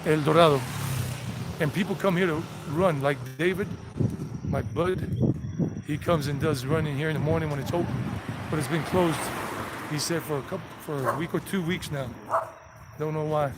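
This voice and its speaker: A man's voice: fairly high pitch, normal speed, long pauses. Rambling American man on a street tour. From United States. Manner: rambling, repeats himself, sings song snippets. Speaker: vlog host giving a walking tour. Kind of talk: casual live-stream walking tour. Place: outdoors on city streets. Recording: outdoor street noise behind voice.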